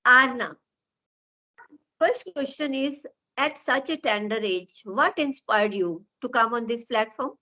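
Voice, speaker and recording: A woman's voice: a little high, a little slow, bright, forceful tone, rough recording. A woman with an Indian English accent interviews her guest in a slightly raised voice. She asks long, earnest questions that wind through several thoughts before landing. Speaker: interviewer and host. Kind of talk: online interview.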